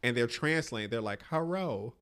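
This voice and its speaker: A man co-hosts a podcast in casual chat. He tells stories loosely and profanely, often restarting mid-sentence. His voice sits at an ordinary pitch for a man. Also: animated, a little fast. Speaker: podcast co-host.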